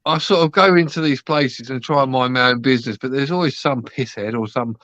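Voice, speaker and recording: A man's voice: medium pitch, fairly quick, a bit bright, no echo. A man, chatting on a live stream, telling stories, swearing freely and acting out the people he quotes. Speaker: host. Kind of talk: casual chat on a live stream. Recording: dull, dry lo-fi sound.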